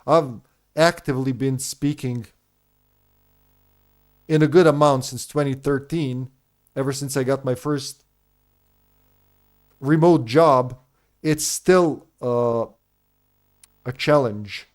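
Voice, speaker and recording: A man's voice: mid-range voice, slow, pauses often. Chatty male streamer, non-native English speaker. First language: not English. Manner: chatty, candid, talks to his viewers by name. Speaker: game streamer. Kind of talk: casual chat with live viewers.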